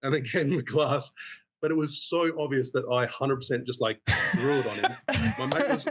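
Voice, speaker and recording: Guy telling a bar story, loud when he quotes people, laughs a lot. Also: mid-range voice. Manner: animated, acts out quotes in raised voice. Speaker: guest bartender. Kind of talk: casual storytelling.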